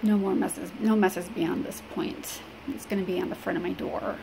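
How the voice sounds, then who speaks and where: A woman from Illinois talks to the camera in a personal vlog, halting and rambling with many fillers. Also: on the low side, creaky, low-quality recording. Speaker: vlogger. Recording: steady background noise.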